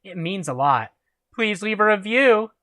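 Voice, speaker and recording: Man, host, reads fan fiction aloud, amused, laughs often, lively intonation. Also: high voice, unhurried. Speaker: host reading a fan story. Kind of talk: reading aloud and casual chat.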